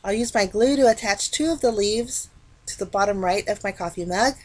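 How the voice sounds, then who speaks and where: A woman talking casually through a card-making tutorial, explaining each step in a relaxed, chatty way. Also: medium pitch, fairly quick. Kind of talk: casual craft tutorial narration.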